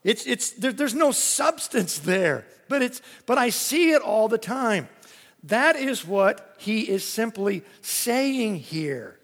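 A man preaching a sermon, telling lively stories with jokes and little voice impressions. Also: sits high, slow, in a large hall. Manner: animated storytelling with jokes and voice impressions.

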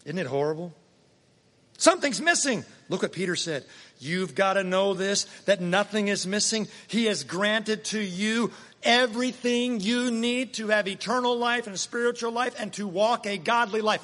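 A man's voice: sits high, normal speed, a bit bright, long reverb tail. A man preaching a sermon in a conversational way, often asking his listeners questions. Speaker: pastor.

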